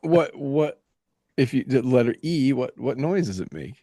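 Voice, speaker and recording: A man's voice: mid-range voice, expressive, unhurried, warm tone, no room sound. A man from upstate New York co-hosting a casual podcast, making dry jokes and teasing his guests. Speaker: podcast co-host.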